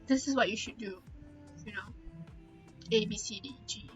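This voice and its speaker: A woman's voice: medium pitch, moderate pace, fairly bright tone, faint music behind, rough recording. A young woman streamer chatting candidly and openly, holding back tears, trailing off often with fillers. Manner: open, heartfelt, trailing off with many fillers. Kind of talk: candid casual chat.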